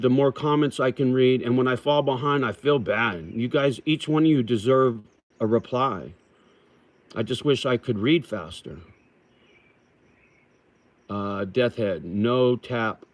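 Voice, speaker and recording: A middle-aged man hosting a casual livestream, reading viewers' comments aloud slowly and answering them in a rough, swearing manner, calling them brother. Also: mid-range voice. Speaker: livestream host reading chat.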